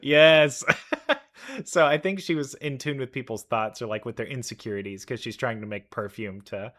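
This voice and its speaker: A young man casually reacting to game trailers, chatty and quick to laugh, with bursts of excitement. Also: lowish voice. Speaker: reaction video creator. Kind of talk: casual commentary while reacting to videos.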